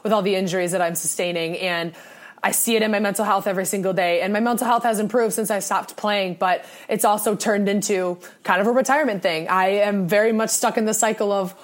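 A woman's voice: medium pitch, fairly even intonation, fast. A young woman talking earnestly in a casual monologue, often restarting her sentences. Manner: earnest, rambling with many restarts.

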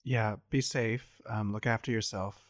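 A man's voice: lowish voice, steady tone, unhurried, no echo, studio quality. A man co-hosting a casual chat, teasing and joking with repeated lines. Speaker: podcast co-host.

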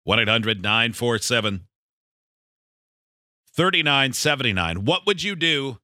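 Male show host, reads listener texts with a teasing edge; very bright, dry sound. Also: medium pitch, very animated, unhurried, no room sound. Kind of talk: casual comedic banter.

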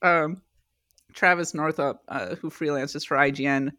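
A woman hosting a podcast, chatting casually and telling stories with animated energy. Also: low voice, unhurried, no echo, studio quality. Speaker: podcast host. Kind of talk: casual chat.

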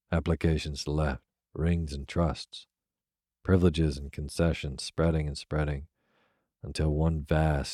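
A man reading a classic novel aloud as a soft, unhurried bedtime story. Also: very deep voice, dry recording, studio quality. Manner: soft, even, unhurried delivery. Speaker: narrator. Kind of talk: slow, soothing sleep-story reading.

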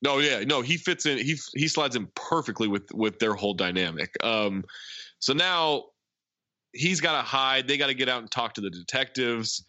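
A man talking casually as a podcast host, recapping a film plot with animated asides. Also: medium pitch, normal speed, dry recording, highs cut off. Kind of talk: casual chat.

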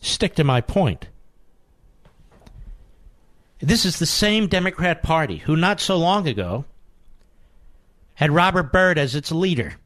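With lively intonation and a slightly high voice, a male talk show host reads the news at a moderate pace in a radio studio, peppering it with muttered asides. His sarcastic, combative delivery swings between loudness and mutters, captured on a studio mic with no room sound.

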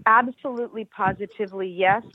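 A middle-aged woman, a former football team executive, speaking as a podcast guest in a measured, emphatic way with precise wording. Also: mid-range voice, fairly even intonation, slight background noise. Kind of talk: podcast conversation. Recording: tinny phone-like line.

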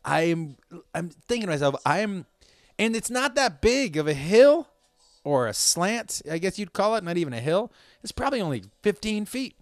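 A man telling a rambling, profane story to his listeners in a casual way, with sudden loud outbursts. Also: high voice, sing-song, moderate pace, no room sound, studio quality, soft background music.

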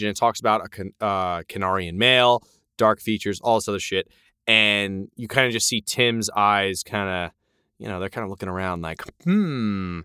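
A man's voice: on the low side, pushed and bright, clear, resonant tone, dry recording, studio quality. A man co-hosting a podcast, recapping an episode in casual chat, swearing now and then and acting out characters' lines. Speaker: podcast co-host.

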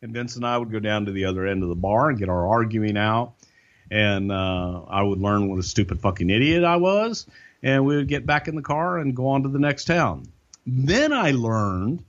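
A man spins a swearing-heavy backstage story in an easygoing talk-show chat, his pitch rising and falling a lot. The audio is a little dull and lo-fi. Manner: profane, animated storytelling. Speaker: podcast guest. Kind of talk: casual anecdotal storytelling.

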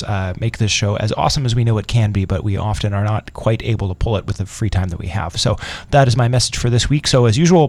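A man's voice: on the low side, darkish tone. A man hosting a radio show, talking in a rambling, sarcastic way with many restarts. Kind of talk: casual radio talk. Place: radio studio.

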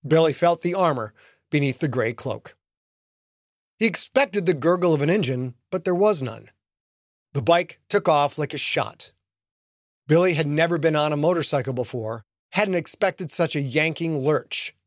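A man narrating an action audiobook in an expressive storytelling manner. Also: fairly high pitch, no echo, clean studio sound.

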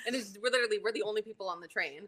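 A young woman guest on a podcast, retelling a trip in lively casual chat and acting out the story. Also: mid-range voice, very fast, a crowd in the background.

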